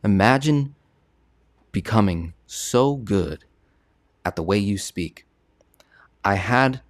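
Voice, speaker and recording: A man with a fairly low voice talks in a loose, conversational way and leans on repetition to drive a point home. The sound is dry and close, with no room around it. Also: animated, slow, no echo. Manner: conversational, repeats words for emphasis. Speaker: host. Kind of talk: casual live-stream chat.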